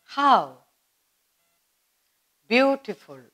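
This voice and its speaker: Lady teacher going thru grammar for kids real slow, says stuff twice. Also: fairly high pitch, very animated, fairly bright tone. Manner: slow, patient, repeats example sentences. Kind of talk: grammar lesson for children.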